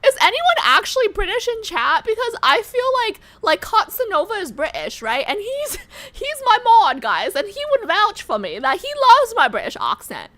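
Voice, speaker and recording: A young woman from New York, chatting casually on a livestream, animated and rambling, laughing often and restarting her sentences. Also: very high-pitched, moderate pace, hardly any pauses.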